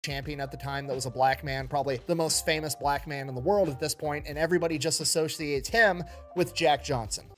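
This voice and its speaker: Man telling a story casually, voice pitched a bit high. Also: a little fast, faint music behind. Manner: lively retelling with acted-out quotes. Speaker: podcast storyteller.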